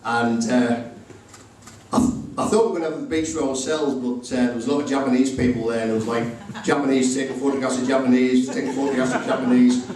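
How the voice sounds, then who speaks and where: A man's voice: medium pitch, little pitch movement, quick pace, darkish tone. A middle-aged man giving a humorous wedding speech as the groom, acting out both sides of each conversation. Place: indoor wedding reception room. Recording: very echoey room recorded from far off.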